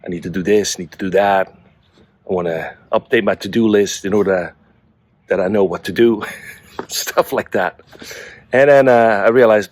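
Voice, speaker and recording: A man's voice: fairly low pitch, normal speed, pauses often. A middle-aged man casually telling a story to the camera, amused and chuckling between phrases. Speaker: vlogger.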